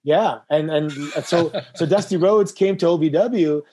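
A man's voice: on the high side, a little slow, a little hiss or hum. A man telling stories as a guest in casual chat, acting out the voices of people in his anecdotes. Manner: animated, acts out voices in anecdotes. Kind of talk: casual storytelling.

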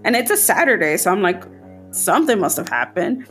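A woman podcast host telling a personal spooky story in casual chat, her voice jumping high when she quotes herself. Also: very animated, fairly quick, fairly bright tone, faint music behind.

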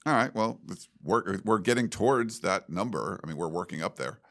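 A man's voice: sits low, animated, normal speed, a bit bright. A man co-hosting a podcast in a studio, in casual, rambling chat full of fillers. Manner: rambling, laid-back, lots of fillers. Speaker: podcast co-host.

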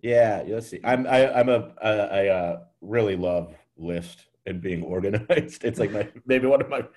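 Man, from Texas, thirties, casual podcast chat, self-mocking, stammers, slightly low voice. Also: moderate pace, a little mellow. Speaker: comedian, podcast guest.

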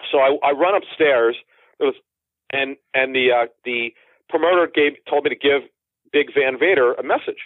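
A man's voice: mid-range voice, normal speed, no echo. A man in his forties, a guest calling in, telling stories in a rambling way with lots of restarts. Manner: rambling, many restarts and asides. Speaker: guest, football insider. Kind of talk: casual storytelling interview. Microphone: phone call. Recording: tinny phone line, dry.

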